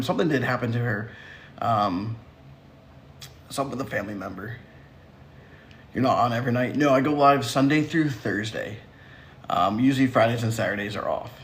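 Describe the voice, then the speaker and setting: A man hosting a casual livestream from a phone, answering his viewers with sassy, teasing quips. His voice has a gravelly edge and sits at an ordinary pitch. A faint hiss of noise runs underneath. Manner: sassy, teasing, laughs often. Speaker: livestream host.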